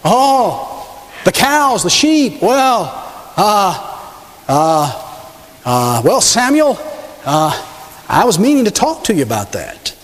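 A flustered king stumbles over his words in a high, hesitant voice, as a preacher puts him on mid-sermon. He wheedles and stammers through his excuses, and his swooping voice rings out in a hall with long reverb. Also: sing-song, slow pace, long pauses, exaggerated voice.

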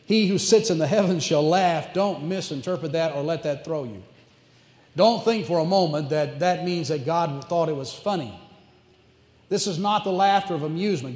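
High-voiced East Tennessee preacher. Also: male voice. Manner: animated, emphatic preaching with rhetorical questions. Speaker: pastor. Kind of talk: sermon. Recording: echoey church hall reverb.

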